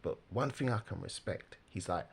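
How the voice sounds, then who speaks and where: A man giving casual, animated religious commentary, laughing often and mimicking the people he talks about. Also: low voice, moderate pace, gravelly, a little hiss or hum.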